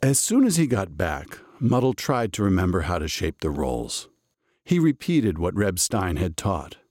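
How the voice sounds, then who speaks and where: Low-voiced man reading a lively storybook. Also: unhurried, dry recording, clean studio sound. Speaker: narrator.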